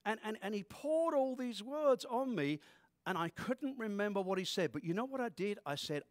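A man preaching to his congregation in a lively, joking way. His voice sits high and swings widely up and down. The sound is dry and close, with no room echo. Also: a little fast. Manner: animated preaching with playful voices and asides. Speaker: pastor. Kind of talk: sermon.

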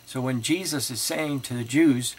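A young man earnestly reading and explaining scripture verse by verse, slowing to stress key words and checking in with his listeners. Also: medium pitch, breathy edge, poor audio. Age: young adult. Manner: hesitant fillers and restarts between readings. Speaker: video commentator responding to a pastor.

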